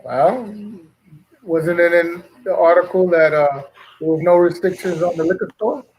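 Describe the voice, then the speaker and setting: A male guest on a casual talk show. He speaks in short, measured remarks. His voice sits a little higher than most men's. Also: darkish tone, slightly rough, low-quality recording. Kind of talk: casual chat.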